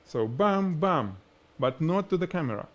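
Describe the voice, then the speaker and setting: A man with a strong Russian accent whose first language is Russian, teaching product photography on a live stream in an animated, demonstrating way. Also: on the high side, a little slow, highs cut off. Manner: animated, explains by demonstrating, laughs at himself. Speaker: photography instructor.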